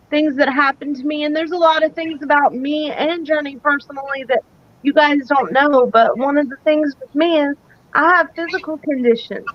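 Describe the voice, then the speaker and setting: A woman's voice: sits high, lo-fi sound, slight background noise. A woman co-hosting a live psychic talk show, speaking earnestly and emphatically, repeating her key points. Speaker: psychic co-host.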